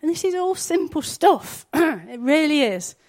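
A woman's voice: sits high, very animated, unhurried, a little mellow. A woman, preaching a sermon in an earnest, conversational way, often asking her listeners questions.

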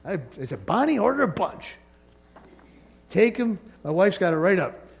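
Male pastor mid-sermon, high and expressive, playful energy, works the room. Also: moderate pace, gravelly, husky. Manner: animated preaching, rising and falling emphasis, call-and-response asides.

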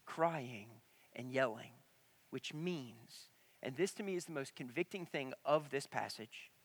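Animated higher-voiced male preacher. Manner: animated storytelling, swings from loud to hushed. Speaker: pastor. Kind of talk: sermon.

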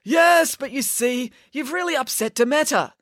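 A woman's voice: sits high, expressive, normal speed, dry recording, studio quality, pitched above the performer's own voice. A woman voicing a bossy, blustering male king of the gods.

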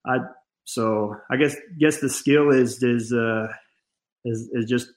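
A middle-aged man, a guest on a podcast, talking haltingly in casual chat and searching for his words. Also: mid-range voice, steady tone, reverberant. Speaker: fire service guest.

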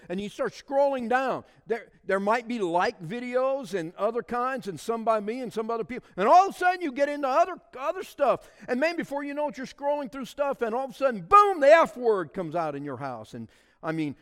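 A man preaching a sermon, swinging between shouted emphasis and hushed, quiet asides. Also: sits high, long reverb tail. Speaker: pastor.

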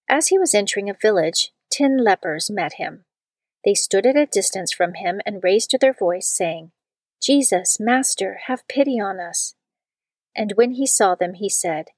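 Woman reader, solemn liturgical reading, mid pitch, dead-dry studio sound. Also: dry recording. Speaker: scripture reader.

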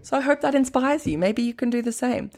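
A woman coach talking through a casual podcast monologue, chatty and quick to laugh, with plenty of "like" fillers. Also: a little high, a little mellow.

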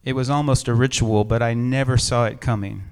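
In an empty sanctuary, a middle-aged male pastor preaches with a clear, resonant, steady voice of medium pitch. His storytelling is measured and reflective, lightened by gentle humor.

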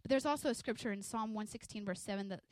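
A woman in her thirties preaching a sermon at church, conversational and energetic, acting out little scenes from family life. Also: mid-range voice, fast talker, dry recording. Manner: energetic, conversational, acts out quotes from home life. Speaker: pastor's wife preaching.

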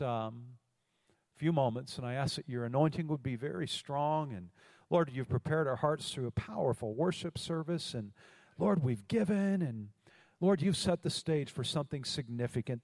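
A pastor preaches a sermon in a large church hall, telling a story and calling out to the congregation for responses. His voice is a little high with a darkish tone, at normal speed. Long hall reverb trails his words.

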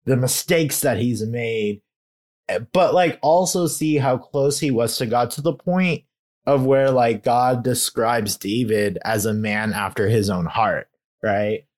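Earnest young man, halting heartfelt talk. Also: medium pitch, a little mellow. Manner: halting and heartfelt, full of filler "like"; grows emotional while talking. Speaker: guest. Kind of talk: candid faith conversation.

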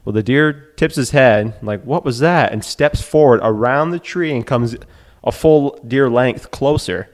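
A man telling a hunting story in a casual chat, animated and reliving the moment. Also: mid-range voice, unhurried, hardly any pauses.

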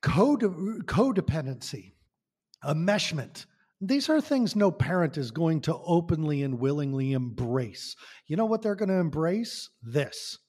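A man's voice: on the high side, sing-song, unhurried, darkish tone, breathy edge, in a large hall. A man talking as a podcast guest, passionate and emphatic, asking rhetorical questions. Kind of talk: conversational podcast talk.

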